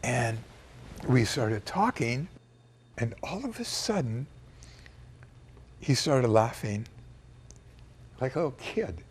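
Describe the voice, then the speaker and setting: An older man telling a personal memory in a reflective, emotional way, dropping to a hush at times. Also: mid-range voice, slightly rough. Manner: reflective and emotional, with quiet hushed passages. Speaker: storyteller recounting a personal memory. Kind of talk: personal storytelling to camera.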